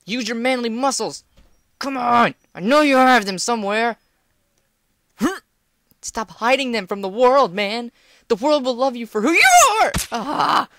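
Lively young woman playing a game. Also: on the high side, no room sound. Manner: animated, talks to the game, playful outbursts. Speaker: gameplay commentator. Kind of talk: casual let's-play commentary. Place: home room.

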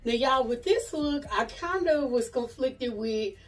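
A woman's voice: on the high side, animated, unhurried, far from the mic, rough recording. A woman from Nashville with a Southern accent, chatting casually to camera about her outfits. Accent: Southern American. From Nashville, USA. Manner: chatty, keeps saying "y'all" and "honey". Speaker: fashion vlogger. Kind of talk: casual try-on chat to camera.

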